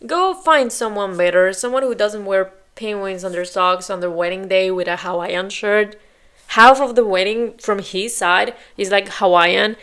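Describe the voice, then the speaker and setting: A woman reacting to a show in casual, exasperated commentary, talking straight at the screen. Her voice sits mid-range with a gravelly fry, and at times she drops to a whisper. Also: mid-range voice, unhurried, fairly bright tone. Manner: exasperated, talks back at the screen. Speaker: reaction video host.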